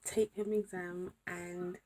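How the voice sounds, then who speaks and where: A woman's voice: fairly low pitch, level tone, slow, mellow. A tired young woman vlogging to camera late at night, overwhelmed, slipping between whispers and exclamations. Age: young adult.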